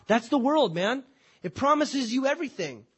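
A man's voice: very high voice, sing-song, moderate pace, slightly rough. A man preaching a sermon as pastor, impassioned and conversational, asking rhetorical questions.

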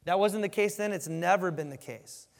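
High-voiced man preaching in a hall. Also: moderate pace. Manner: animated preaching with emphatic repeats. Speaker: pastor. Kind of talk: sermon.

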